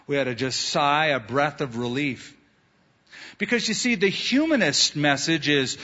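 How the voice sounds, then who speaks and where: Bright preacher in a reverberant hall. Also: male voice, medium pitch, normal speed. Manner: animated preacher, acts out quoted voices. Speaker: pastor. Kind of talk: sermon. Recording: dull lo-fi sound in a reverberant hall.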